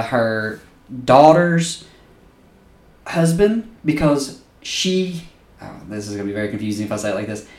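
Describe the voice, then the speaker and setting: A man's voice: medium pitch, far from the mic. Enthusiastic swearing man in an echoey room. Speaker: podcast co-host. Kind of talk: casual chat.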